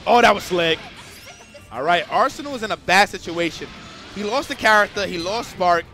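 A man doing live commentary on a fighting game match, excitable and swearing freely, breaking into shouts. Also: sits high, normal speed, soft background music.

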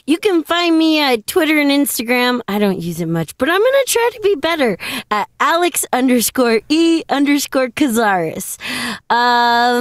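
A woman's voice: high voice, no room sound, studio quality. A woman, a voice actor, chatting playfully and bubbly on a video call. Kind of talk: casual panel chat.

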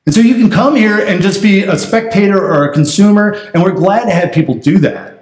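A man's voice: high voice, brisk. A man preaching a conversational sermon as pastor, often checking in with the congregation. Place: church sanctuary. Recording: roomy church sanctuary.

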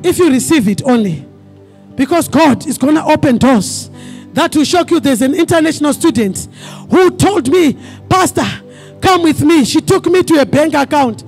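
A man preaching in a church service, his voice pitched strikingly high with a gravelly edge. He throws call-and-response questions at the congregation and keeps breaking into fervent shouts, with faint music underneath. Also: lively intonation, moderate pace. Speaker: pastor. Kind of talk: sermon.

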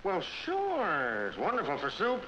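A man's voice: sits high, huge pitch swings, unhurried, vocal fry, sharp tone. A man playing a brash, wisecracking surgeon in an old slapstick film comedy. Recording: echoey, dull old film soundtrack with hiss.

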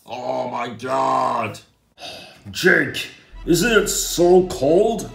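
A man's voice: medium pitch, animated, extremely slow, gravelly, fairly bright tone, reverberant, faint music behind. A man voicing a cartoon, talking in a whiny, exasperated way. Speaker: cartoon narrator and voice actor. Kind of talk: cartoon acting.

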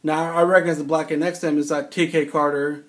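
A man's voice: fairly high pitch, flat delivery, fast talker, fairly bright tone. Man rambling through an incredulous anecdote. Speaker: storyteller recalling film-set security work. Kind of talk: casual spoken anecdote.

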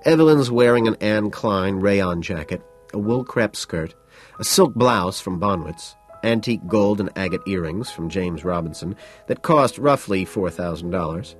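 A man's voice: low voice, lively intonation, moderate pace, soft background music. A man reading an audiobook in first person, in a cool, detached, matter-of-fact way. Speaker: audiobook narrator.

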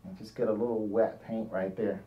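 A man's voice: fairly low pitch, flat delivery, normal speed. A man narrating a painting demonstration, thinking aloud as he works and often trailing off mid-sentence. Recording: roomy, dull lo-fi sound, mic at a distance.

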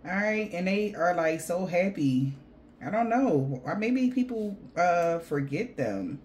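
A woman's voice: lowish voice, very animated, takes it slowly, darkish tone, slight background noise. Blunt, rambling woman giving a reading. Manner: rambling, blunt, swears freely. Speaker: tarot reader. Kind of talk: casual spiritual reading.

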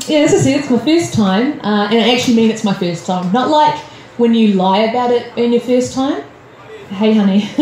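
Her voice slightly high and a little mellow, a woman from Australia performs a jittery, self-mocking stand-up routine at a comedy club. She rambles conversationally with lots of ums, and faint audience sounds drift through the spacious room.

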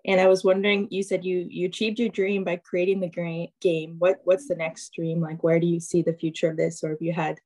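Flat-toned female caller. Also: lowish voice, brisk, few pauses. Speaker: caller asking a question.

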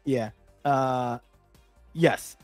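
A man co-hosting a live-streamed talk show, improvising a mock report with many pauses and fillers. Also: mid-range voice, dry recording, faint music behind. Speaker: podcast co-host. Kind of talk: casual chat, mock weather report.

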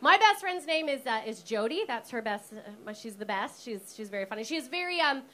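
A woman's voice: fairly high pitch, animated, a little fast, fairly bright tone, slight background noise. A woman doing stand-up in a comedy club, teasing the crowd and swearing freely. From Canada. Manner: brash, sweary, teasing the audience. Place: comedy club stage with audience laughter.

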